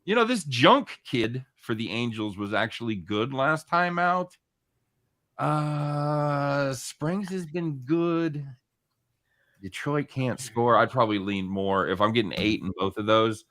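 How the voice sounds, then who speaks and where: A man with a mid-pitched, bright voice talks as a guest on a sports betting show. He chats loosely, swears now and then, and tells anecdotes. The recording sounds dry, with no room echo. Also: takes it slowly. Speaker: guest handicapper. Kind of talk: casual chat.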